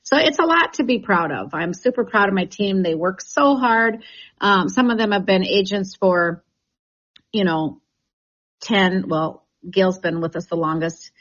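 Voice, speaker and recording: A woman's voice: medium pitch, a little slow, fairly bright tone, lo-fi sound. A woman who leads a real estate team, talking in a chatty, enthusiastic way with many restarts in a radio interview.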